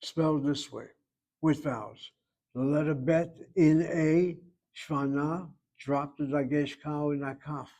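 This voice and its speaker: A man's voice: fairly high pitch, fairly even intonation, dark tone. Older man patiently teaching Hebrew grammar. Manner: patient, step-by-step, repeats Hebrew words slowly. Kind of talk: explaining grammar in class.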